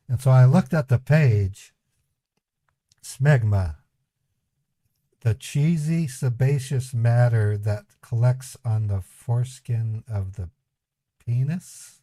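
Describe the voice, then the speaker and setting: Male streamer, casual storyteller who chuckles through anecdotes; mellow timbre, dry close mic. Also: medium pitch, takes it slowly, pauses often, no room sound. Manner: rambling, chuckling anecdotes with voiced quotes. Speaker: scambaiting livestream host. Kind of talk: casual storytelling to a live chat.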